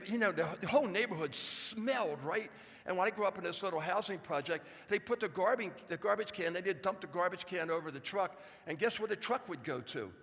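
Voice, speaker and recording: A man's voice: high voice, a bit bright, big-room sound. A man in his seventies gives a folksy, joking speech to a live audience, talking straight to the crowd. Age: 70s. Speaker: speaker. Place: large hall before an audience.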